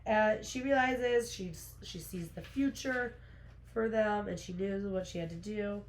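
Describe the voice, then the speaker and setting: A woman's voice: medium pitch, unhurried, slight background noise. A woman co-hosting a book podcast, retelling the plot casually with fillers and quotes. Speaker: podcast co-host.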